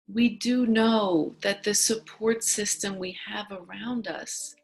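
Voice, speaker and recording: A woman leading a guided meditation talk at a gym, speaking in a soft, earnest way. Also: medium pitch.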